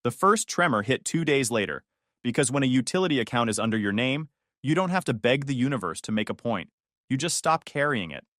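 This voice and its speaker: A man reads a scripted first-person story in a bitter, matter-of-fact tone. His pitch sits in the middle but moves around a lot. The sound is dry and close. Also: animated, brisk, fairly bright tone, no room sound.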